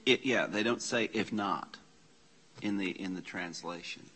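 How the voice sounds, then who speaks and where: Slow-talking man teaching Greek scripture. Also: low voice, a bit bright. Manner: slow, deliberate reading of Greek with asides. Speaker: Bible study teacher. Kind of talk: informal Greek class. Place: church meeting room.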